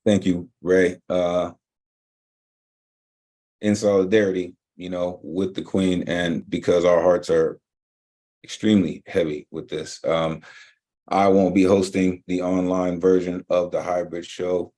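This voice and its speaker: A man with a very deep, dark voice speaks slowly over a video call. He makes a solemn, pleading announcement to his community and repeats his urging. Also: level tone. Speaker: poetry show host.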